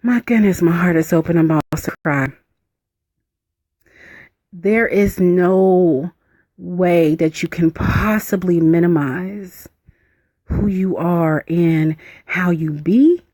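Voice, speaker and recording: A woman guiding a spiritual ritual, unhurried and soothing, humming and sighing as she repeats affirmations in a chanting rhythm. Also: lowish voice, a little mellow, no room sound. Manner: unhurried and soothing, with hums and sighs. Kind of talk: guided ritual meditation.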